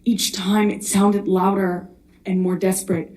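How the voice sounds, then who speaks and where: A woman in her thirties giving sworn testimony as a witness in a courtroom, speaking haltingly with frequent restarts. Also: mid-range voice, little pitch movement, darkish tone. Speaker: trial witness.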